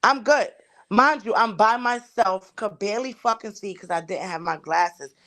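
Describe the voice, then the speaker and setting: On a casual chat show, a woman co-host with a medium-pitched, fairly bright voice tells a lengthy story at a moderate pace. She swears heavily, speaks emphatically, and acts out the quoted dialogue.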